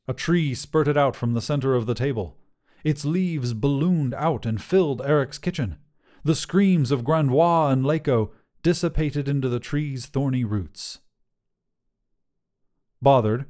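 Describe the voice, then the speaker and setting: A man narrating a short fiction podcast in a measured, scripted way. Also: medium pitch, a little mellow.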